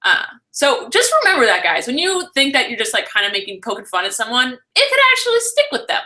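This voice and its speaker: Young woman vlogger, bright lively voice, ranting live stream chat. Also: on the high side, fast. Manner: animated, ranting, frequent laughter.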